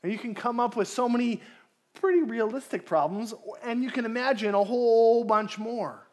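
A pastor preaching a conversational sermon, asking the congregation questions and acting out people's inner voices. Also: male voice, extremely high pitch, moderate pace.

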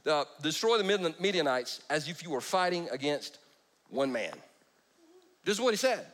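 A man's voice: a little high, big pitch swings, normal speed, fairly bright tone. A man preaching a sermon in church, joking and breaking off his own sentences. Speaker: pastor.

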